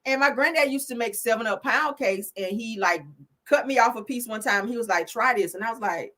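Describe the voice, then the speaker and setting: A woman with a slightly high, brisk, somewhat bright voice hosts a casual commentary show. She reads viewer comments in slangy language and laughs often.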